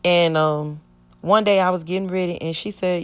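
A woman's voice: lowish voice, steady tone, moderate pace, clear, resonant tone. A middle-aged woman earnestly telling a rambling personal testimony, acting out what others said. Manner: earnest, rambling, acts out quoted speech. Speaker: church member giving testimony.

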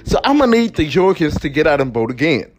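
A man's voice: fairly high pitch, very animated, quick pace. A man from the United States hosting a motivational podcast monologue, emphatic and repetitive, over faint background music. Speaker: podcast host.

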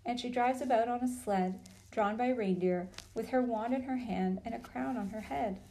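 A woman's voice: on the high side, moderate pace, gravelly, a little hiss or hum. A woman reading a storybook and voicing an eager, happy little girl. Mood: excited. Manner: eager and breathless with excitement.

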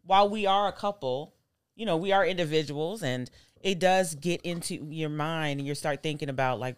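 A woman guest on a podcast, talking casually about her own experiences and acting out what others said to her with big jumps in pitch. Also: moderate pace, clear, resonant tone. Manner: animated, acts out quotes with big pitch jumps. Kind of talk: casual storytelling interview.

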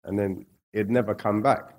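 A man with a fairly low voice talks through his story in a relaxed, slangy way. He turns reflective when drawing lessons from it, then livens up when he acts out scenes. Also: normal speed. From England. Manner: slangy, reflective, animated when retelling stories. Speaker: guest. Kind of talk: casual storytelling interview.

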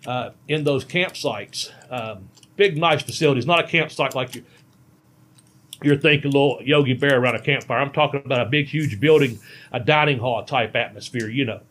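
Brief: ex-wrestler, mid-range voice, loose and folksy, telling road stories. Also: male voice, mid-range voice, moderate pace, fairly bright tone. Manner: rambling, folksy, laughs at himself. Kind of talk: casual storytelling on a podcast.

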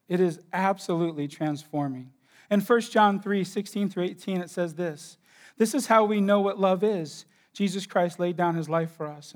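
High-voiced man preaching a sermon. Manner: storytelling, drops to a hushed low voice for emotional moments; impassioned preaching with rising emphasis. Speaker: pastor.

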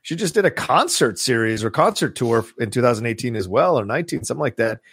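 A man's voice: medium pitch, animated, fast talker, a bit bright, breathy edge, no room sound, clean studio sound. A man co-hosting a podcast over a video call, chatting casually, rambling and swearing. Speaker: podcast co-host. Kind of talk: casual chat.

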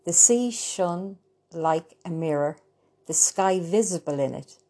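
A woman reading a story aloud, slow and gentle, with small slips. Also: on the low side. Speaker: narrator. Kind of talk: storytelling narration.

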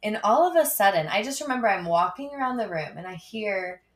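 A woman's voice: medium pitch, lively intonation, fairly quick. A young woman, a teacher hosting a podcast, telling funny classroom stories in a chatty way, often laughing. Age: young adult. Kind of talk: casual storytelling.

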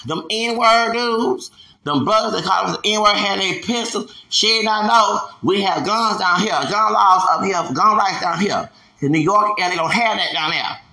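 A man's voice: high voice, gravelly, sharp tone, roomy sound, rough recording. A man in his forties from Houston, delivering a heated, emphatic podcast rant that keeps hammering the same points. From Houston, Texas. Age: 40s. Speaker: podcast host. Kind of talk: ranting podcast monologue.

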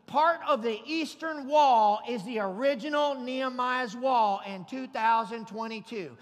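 A man preaching a sermon as pastor, emphatic and folksy, building up to shouts. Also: extremely high pitch, unhurried, few pauses, in a large hall. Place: church sanctuary.

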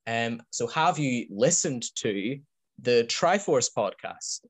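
A man's voice: mid-range voice, expressive, slow pace, slightly rough. A man hosting a casual podcast chat, enthusiastic and rambling, laughing often. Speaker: podcast host.

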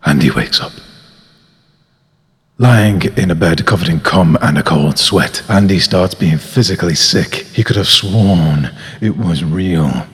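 Deep-voiced man reading a horror tale. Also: fairly bright tone, long reverb tail. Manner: dramatic, drawn-out storytelling. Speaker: podcast host. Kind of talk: mock-horror story reading.

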